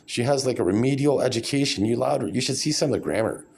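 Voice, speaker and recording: A man's voice: mid-range voice, expressive, quick pace, gravelly, darkish tone, breathy edge. A man in his forties talking in a rambling, sarcastic, blunt casual vlog rant. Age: 40s. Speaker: vlogger.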